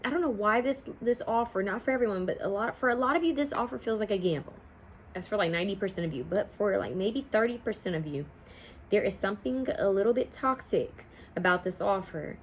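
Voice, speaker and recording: A woman's voice: mid-range voice, lively intonation, a little fast, a little hiss or hum. Chatty woman giving a casual tarot reading. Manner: chatty, rambling, sings song snippets. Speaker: tarot card reader.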